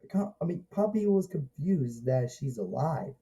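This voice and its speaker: A man giving a casual, rambling spoken movie review, halting and restarting often and breaking into excited exclamations. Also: fairly high pitch, low-quality recording.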